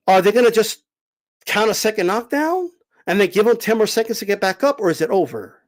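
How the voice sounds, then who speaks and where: Host, male, very high voice, emphatic and lecturing, raises his voice and drives each point home by repeating it. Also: animated, brisk, poor audio. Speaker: boxing commentator host. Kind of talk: live-stream commentary answering chat.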